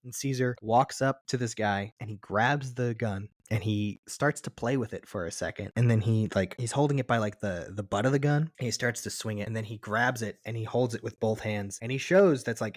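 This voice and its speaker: A man in casual podcast chat, animatedly retelling a movie plot with quick voiced quotes of its characters and many restarts. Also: fairly low pitch, steady tone, no room sound, clean studio sound. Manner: frequent restarts and repeated words. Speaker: podcast co-host. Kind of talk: casual film recap chat.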